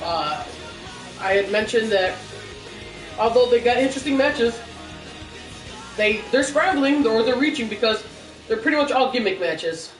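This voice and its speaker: A man's voice: very high voice, lively intonation, unhurried, pauses often, recorded from a distance. A man from the US Midwest co-hosting a casual wrestling podcast, with joking, laughing banter. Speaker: podcast co-host. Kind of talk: casual chat. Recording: echoey room from afar, faint music.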